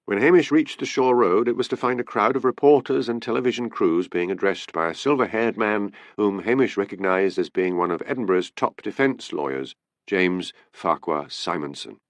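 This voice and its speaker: A man narrating an audiobook in an expressive, lively reading. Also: fairly low pitch, moderate pace, no echo. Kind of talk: scripted narration.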